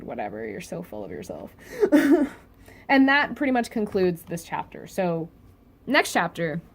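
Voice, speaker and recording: A woman casually reviewing a comic chapter, chatty and full of fillers and restarts. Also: medium pitch.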